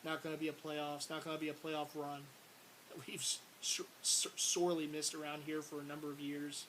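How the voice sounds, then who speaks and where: This man, a sports fan vlogger, rambles in frustration about his team in a casual rant to the camera, repeating himself and erupting in exasperated outbursts. He speaks fairly quickly in a monotone, with a fairly high, slightly bright voice, and the poor audio has a faint hiss.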